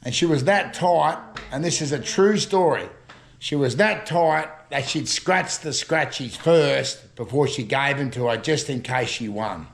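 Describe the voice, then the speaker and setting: A man's voice: medium pitch, measured pace, gravelly. An older Australian man telling rambling, chuckling stories at home in casual slang. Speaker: storytelling vlogger. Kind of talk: casual yarn-spinning.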